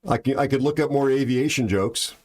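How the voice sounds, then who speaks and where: A man's voice: medium pitch, fairly quick, darkish tone. A man hosting a livestream, chatting casually, telling jokes and reacting to chat. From aviation background. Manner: chatty, tells jokes, reads chat aloud. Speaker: livestream host.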